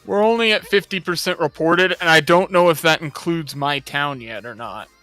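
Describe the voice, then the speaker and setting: A man's voice: a little high, moderate pace, bright, forceful tone, no room sound, soft background music. A man guest on a drinking livestream, explaining local results in a blunt, casual way.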